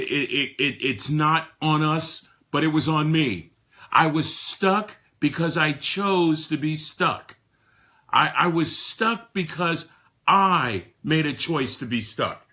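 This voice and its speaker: A man in his sixties giving a motivational talk to a live audience, emphatic, with frequent repeated words and swings between soft and loud. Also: a little high. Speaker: motivational speaker.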